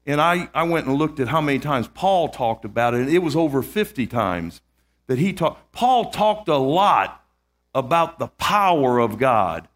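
A man's voice: mid-range voice, very animated, normal speed. A man preaching a sermon, emphatic, repeating key words and calling out amen to his congregation, often restarting his sentences.

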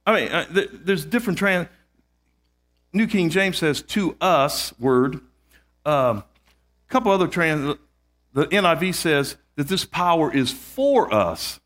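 A man delivers a sermon in a high, slow voice, leaning on key words and repeating them. His pitch swings widely as he builds emphasis and calls out amen to the congregation, often breaking off to restart a sentence. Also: very animated, a bit bright. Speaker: preacher.

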